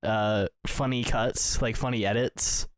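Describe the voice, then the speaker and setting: A man co-hosting a podcast, chatting casually and tossing out quick joking questions. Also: fairly low pitch, steady tone, smooth. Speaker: podcast co-host. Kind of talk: casual chat.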